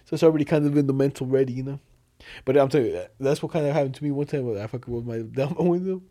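A young man in casual chat, telling animated, slangy stories and acting out the other people in them. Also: mid-range voice, very fast. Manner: animated storytelling, slangy, acts out others' lines.

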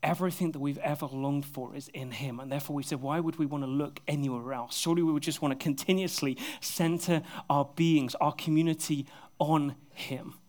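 A male pastor preaching an earnest sermon to his congregation, often dropping to soft, intimate tones, with a touch of self-deprecating humor. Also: fairly high pitch, steady tone, a little fast, few pauses. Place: church service with a congregation.

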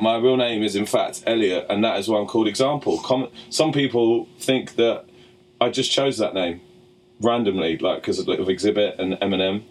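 A man's voice: fairly low pitch, low-quality recording. A man hosting a podcast in casual chat, joking and swearing freely. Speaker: podcast host.

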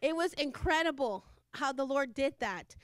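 A woman's voice: high-pitched, animated, normal speed, dry recording, clean studio sound. A woman preaching a fervent sermon, repeating phrases and laughing between lines.

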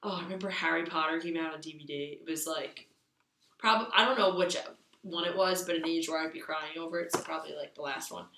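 A young woman in her twenties with a bright, forward voice, chatting casually and rambling through childhood stories with plenty of "like" and "um". The room around her is echoey, with faint noise. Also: low voice, quick pace. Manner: rambling storyteller, many fillers. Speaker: podcast co-host. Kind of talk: casual chat.

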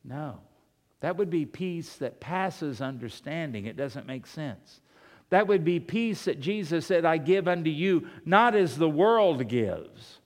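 Pastor guy preaching, kinda high voice, lots of questions at the crowd, quiet then loud, big echoey hall. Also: expressive, slow pace. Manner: preaching with rhetorical questions and swings in loudness. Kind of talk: sermon.

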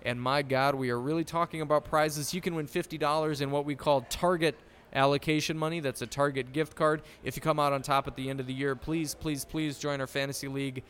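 A man's voice: on the high side, brisk, smooth. A man hosting a casual sports podcast, joking and sarcastic. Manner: sarcastic, jokey, deadpan insults. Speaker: podcast host.

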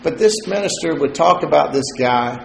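Man, pastor, sermon, rough fry in the voice, casual and joking, repeats words, faint background hiss. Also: fairly high pitch, animated, moderate pace. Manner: conversational and joking, repeats words while thinking. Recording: roomy echo.

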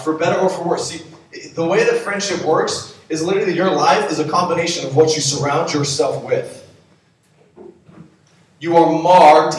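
A man's voice: on the high side, slight background noise. A young man, a youth pastor, giving a playful sermon to young people, with joking asides to the audience. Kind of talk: youth sermon with live demonstration. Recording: very echoey hall, from far off.

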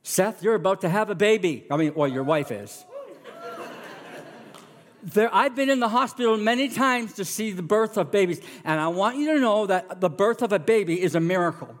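A middle-aged man preaching a sermon as a pastor, animated and acting out the voices of the people in his story. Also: high-pitched, moderate pace, in a large hall. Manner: animated, acts out voices of characters.

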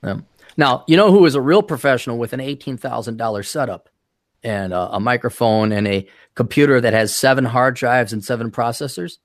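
A man's voice: medium pitch, fairly quick, no room sound. Rambling male podcast host, dry close mic. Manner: rambling, self-deprecating, many restarts. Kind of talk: casual podcast chat. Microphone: desktop studio-style USB mic.

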